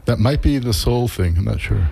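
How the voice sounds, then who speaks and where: A man's voice: fairly low pitch, expressive, moderate pace, gravelly, mellow, breathy edge. A man hosting a studio radio chat, easygoing and laughing along with his guests. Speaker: radio host.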